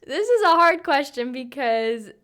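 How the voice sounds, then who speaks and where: A woman's voice: high-pitched, expressive, unhurried, a bit bright. A young woman co-hosting a podcast, chatting casually with many fillers. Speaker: podcast co-host. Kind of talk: casual chat.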